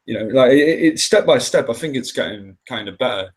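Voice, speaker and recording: A man's voice: mid-range voice, animated, a little fast. A man, a hip hop group member chatting as a guest, hesitant and full of fillers. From North Yorkshire. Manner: hesitant, many fillers and restarts. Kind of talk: casual chat.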